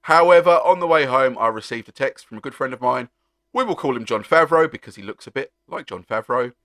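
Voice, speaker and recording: A man's voice: mid-range voice, lively intonation, fairly quick, fairly bright tone, dry recording. A man, chatting animatedly and jokily as he reviews car-cleaning products for his vlog. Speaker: car detailing vlogger.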